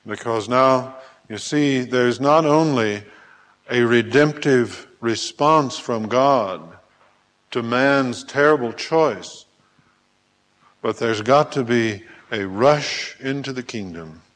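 A man preaching a sermon who acts out scripture scenes in lively voices, at times hollering. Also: medium pitch, takes it slowly. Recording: long hall reverb.

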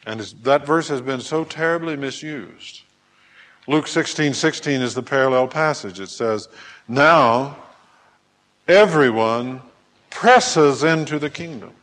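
Unhurried preacher in a reverberant hall. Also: male voice, medium pitch. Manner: animated storyteller who acts out scripture voices, sometimes hollering. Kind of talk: sermon.

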